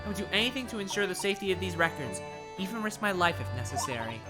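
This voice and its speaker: A woman's voice: medium pitch, very animated, fast, pitched above the performer's own voice, lightly acted. A woman voicing a polite, formal young female legal assistant while reading a game aloud. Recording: game music playing behind.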